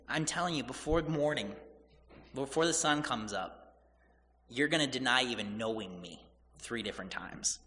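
A man's voice: medium pitch, sharp tone. Man, preacher, casual storytelling sermon, acts out the characters, ringing hall reverb. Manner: retells scripture in casual voiced paraphrase, acting out Jesus and Peter.

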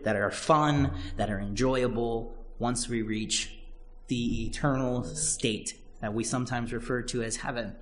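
A man's voice: medium pitch, fairly even intonation, a little slow. A man preaching a sermon as pastor, earnest and repetitive, building points through repeated phrases. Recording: long church-hall reverb.

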